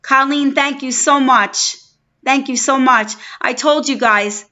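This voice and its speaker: A woman's voice: sits high, slow, bright, forceful tone. A middle-aged woman from New York with a New York accent, hosting a live stream and chatting effusively with viewers by name. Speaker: livestream host. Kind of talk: casual live-stream chat. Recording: dull lo-fi stream audio.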